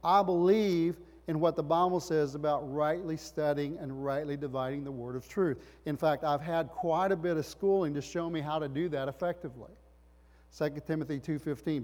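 A man's voice: fairly high pitch, darkish tone. A middle-aged man, a pastor, preaching a sermon with emphatic rising bursts and rhetorical questions. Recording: long hall reverb.

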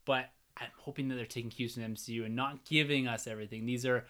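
A man's voice: mid-range voice, fairly even intonation, quick pace, a bit bright. A man hosting a casual podcast discussion, upbeat and steering the talk. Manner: upbeat, runs the discussion and outro. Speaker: podcast host. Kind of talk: casual chat.

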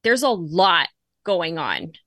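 A woman co-hosting a podcast, chatting casually and gushing, with quick back-and-forth interjections. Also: fairly low pitch, big pitch swings, fairly bright tone, no echo, studio quality. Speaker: podcast co-host. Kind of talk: casual chat.

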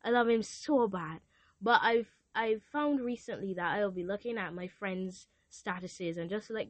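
A woman's voice: mid-range voice, unhurried, no room sound, lo-fi sound. A teenage girl hosting a podcast, speaking earnestly and confessionally in a casual talk about faith. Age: teens. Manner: earnest, confessional, animated quoting. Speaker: podcast host.

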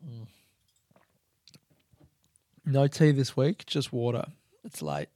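A man hosting his own podcast, talking softly and quietly in his house late at night, rambling casually through stories. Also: medium pitch, very animated, slow, dry recording. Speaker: comedian podcast host. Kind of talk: casual solo podcast chat.

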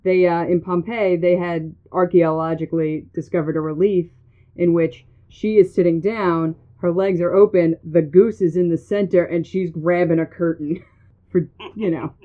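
A woman's voice: lowish voice, steady tone, normal speed. A woman hosting a casual chat, telling stories in a jokey way with lots of laughing. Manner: giggly, jokey storyteller. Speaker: podcast host. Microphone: phone. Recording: tinny phone-like line.

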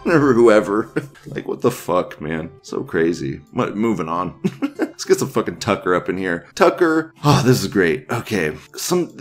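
A man's voice: on the low side, animated, a little slow, soft background music. A man hosting a casual stream, reading forum posts aloud, profane and offhand, laughing often. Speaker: livestream news host.

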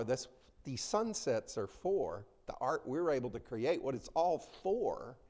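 A man preaching a conversational sermon to a congregation in a church, swinging between loud emphasis and soft asides. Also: fairly high pitch.

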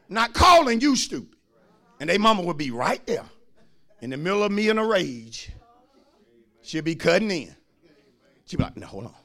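A man, preaching a sermon as pastor and swinging from quiet asides to shouted lines. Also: sits high.

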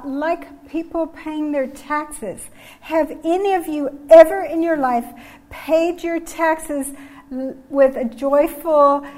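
A woman giving a sermon on generosity, earnest and emphatic, reading scripture passages from slides. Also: sits high. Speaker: preacher.

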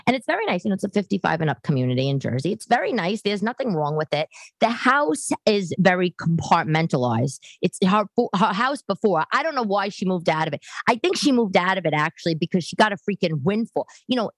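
Woman podcast host in her 40s, casual emphatic monologue, low-set voice, dry close sound. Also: fairly quick, no room sound. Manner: animated and emphatic, ranting with frequent restarts. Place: home living room.

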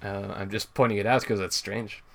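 A man's voice: on the low side, level tone, normal speed, a bit bright, slight background noise. A man co-hosting a casual chat about a comic, explaining at length with many fillers and swearing. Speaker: co-host reviewing a comic.

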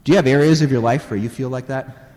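A man preaching a sermon, telling animated family stories and laughing often. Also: mid-range voice, fast. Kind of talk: sermon storytelling. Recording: reverberant hall.

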